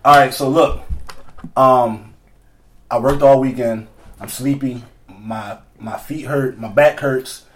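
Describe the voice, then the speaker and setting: A man's voice: medium pitch, steady tone, slow pace, pauses often. A man hosting a podcast in loose, profane, joking banter with friends. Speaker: podcast host.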